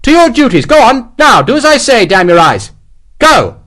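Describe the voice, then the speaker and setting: A man's voice: medium pitch, fast, close to an everyday voice. A man voicing a young, nervous British army lieutenant who is anxious and earnest. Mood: commanding.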